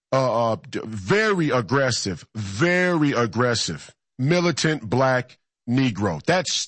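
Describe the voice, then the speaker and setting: Husky, animated man telling a heated story. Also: mid-range voice, dry recording. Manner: fiery, repeats phrases, frequent restarts and stammers. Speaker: political commentator.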